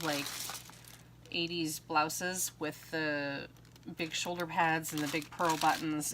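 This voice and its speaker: Chatty, bright-voiced woman showing craft mail. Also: lowish voice, slight background noise. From United States. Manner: chatty, giggly, trails off with ums. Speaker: craft vlogger. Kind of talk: casual chat.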